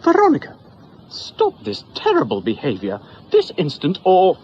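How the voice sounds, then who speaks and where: A man voicing a fussy, proper middle-aged mother who scolds in a shrill, raised voice. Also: wildly swooping pitch, normal speed, a little mellow, highs cut off, a little hiss or hum. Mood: scolding.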